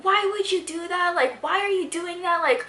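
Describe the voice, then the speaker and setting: A woman voicing an angry, condescending female stranger who yells accusations. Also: very high-pitched, moderate pace, roomy sound, slight background noise, pitched above the performer's own voice, exaggerated voice. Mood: indignant yelling. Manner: accusing, indignant yelling.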